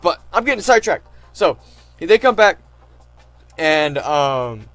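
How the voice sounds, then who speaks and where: Rambling excited fan guy chatting. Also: fairly high pitch, slow, no echo. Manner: rambling, heavy on fillers and "like". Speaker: anime reviewer. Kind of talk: casual retrospective chat.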